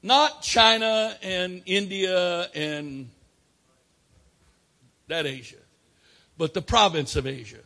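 A man preaching a sermon, swinging between loud emphatic declarations and quiet asides. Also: high-pitched, slow, pauses often.

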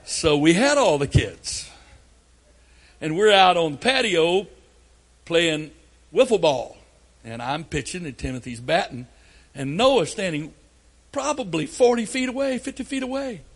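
An older man preaching a sermon, telling folksy family stories and breaking into loud outbursts. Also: a little high. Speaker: pastor.

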